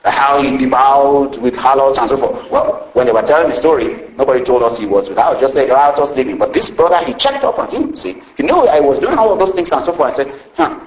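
A man preaching a sermon, retelling a parable with lively storytelling and a habit of asking "see?" after each point. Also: mid-range voice, fast, few pauses, muffled recording. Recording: roomy echo.

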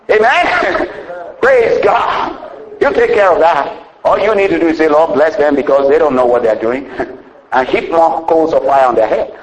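A man preaching a sermon with fervent call-and-response exclamations, dropping to quiet asides and chuckling often. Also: echoey room, poor audio. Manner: fervent, swings between loud exclamations and low asides, laughs often.

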